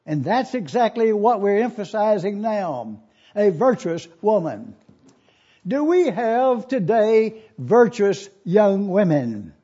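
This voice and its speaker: Male preacher in his eighties, high warm voice, emphatic and repetitive, on a muffled lo-fi recording. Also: big pitch swings, breathy edge. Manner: emphatic, repeats key questions slowly. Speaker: pastor. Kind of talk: sermon. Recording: dull lo-fi recording.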